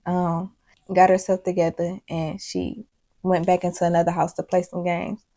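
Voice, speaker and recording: A young woman tells her viewers a personal story. Her voice is gravelly, and her delivery is rambling and emotional. She keeps to a casual, chatty tone. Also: lowish voice, level tone, moderate pace, dark tone. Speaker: storyteller vlogger.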